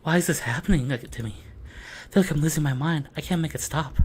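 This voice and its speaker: A man reading a shy, flustered teenage girl's lines from a game in a hushed, breathy voice, as whispered role-play. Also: a little high, quick pace.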